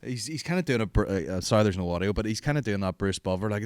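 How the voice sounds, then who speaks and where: A low-voiced man in his thirties rambles through a podcast chat, swearing as he goes. His pitch leaps around with lively swings. The sound is close and dry, with no room around it. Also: fast talker, few pauses, clean tone, dry recording. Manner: rambling, profane and jokey. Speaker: podcast host. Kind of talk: casual chat.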